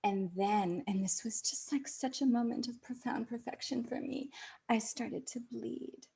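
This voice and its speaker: Woman host, intimate confessional read: slow, breathy, near-whispered, chatty with a laugh in it. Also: on the high side, dark tone. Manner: chatty, with many "like" fillers and frequent laughs. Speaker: podcast host. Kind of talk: intimate personal storytelling.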